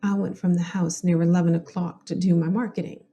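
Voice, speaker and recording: An older woman witness giving plain, steady answers, low and mellow, as a Southern woman reads her. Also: a little fast, close to an everyday voice. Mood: matter-of-fact. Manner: plain, steady reading of testimony. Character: older woman neighbor testifying at an 1890s inquest.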